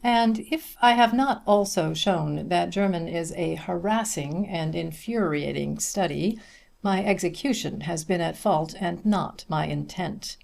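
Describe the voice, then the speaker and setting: A man reading a humorous essay aloud as an audiobook narrator, with a measured, dry delivery. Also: sits high, creaky.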